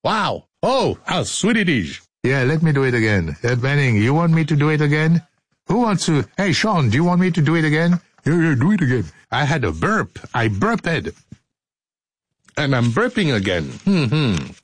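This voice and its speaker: Man, radio host, playful banter, animated voice, slightly high, dry studio sound. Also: moderate pace, slightly rough, dry recording. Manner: joking, laughing, breaks into sing-song.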